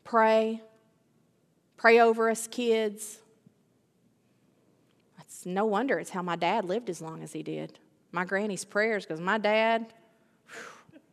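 A middle-aged woman preaching a sermon, emphatic, repeating key phrases and building in intensity. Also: medium pitch. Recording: long reverb of a large hall.

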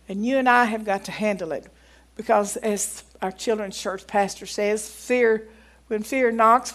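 A woman giving a folksy sermon, reading aloud from a book and growing emphatic as she preaches. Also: mid-range voice. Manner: folksy, grows emphatic and loud when preaching.

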